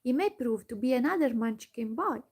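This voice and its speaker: A woman voicing a kind young fairy ruler in whispered role-play, speaking calmly. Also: a little high, normal speed, husky. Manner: calm, gentle suggesting.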